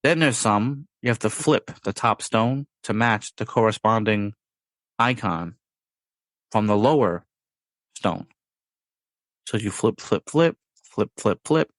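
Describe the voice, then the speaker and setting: A man with a fairly low voice hosting a podcast, chatting casually. He rambles and drops in playful sound-effect words as he talks. His voice is dry and close, with no room echo. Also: slow pace, pauses often, a bit bright. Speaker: podcast host. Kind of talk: casual chat.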